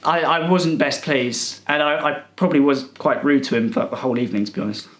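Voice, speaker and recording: A man's voice: medium pitch, fairly quick, reverberant. A man telling a comic story as a rude, boastful character, sarcastic and fed up. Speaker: comedic storyteller.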